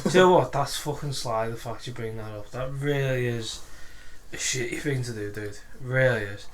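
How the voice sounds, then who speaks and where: A man co-hosting a podcast, bantering excitably and swearing a lot. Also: mid-range voice, moderate pace, a little hiss or hum. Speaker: podcast co-host. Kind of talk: casual banter.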